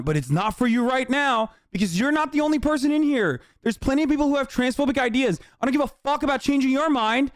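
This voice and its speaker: A man's voice: very high voice, dry recording, clean studio sound. A male livestreamer ranting heatedly and profanely at his chat.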